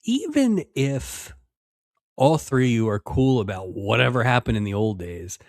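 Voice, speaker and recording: A man co-hosting a podcast, wry and quick to laugh, teasing his co-host. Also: mid-range voice, sing-song, no room sound, clean studio sound. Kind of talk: casual chat.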